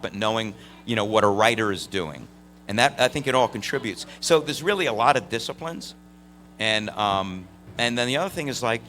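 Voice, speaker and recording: A man on a convention panel, telling animated stories full of fillers and laughs. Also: mid-range voice. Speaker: voice actor panel guest. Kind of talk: storytelling on a live convention panel.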